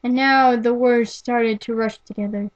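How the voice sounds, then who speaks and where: A woman's voice: a little high, fairly even intonation, a little slow, highs cut off. A young woman reading fan fiction aloud as an amateur, stumbling and restarting words often. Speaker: amateur reader.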